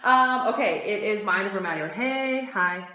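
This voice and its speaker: A woman's voice: medium pitch, moderate pace, sharp tone. A woman chatting casually on a phone livestream from home, rambling with many fillers. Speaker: athlete hosting a livestream. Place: room at home. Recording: roomy home recording.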